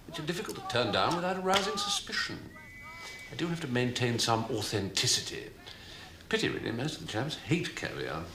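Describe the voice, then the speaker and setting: Brief: a clipped, arch posh officer faking commandant; very lively pitch, roomy sound. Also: male voice, noisy background. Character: prisoner officer posing as camp commandant, dry and arch. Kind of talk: 1990s TV comedy film.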